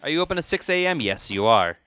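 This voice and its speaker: Lively joking let's play guy. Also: on the high side, fast, faint music behind. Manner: jokey, chatty, talks to the game. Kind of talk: casual gameplay commentary.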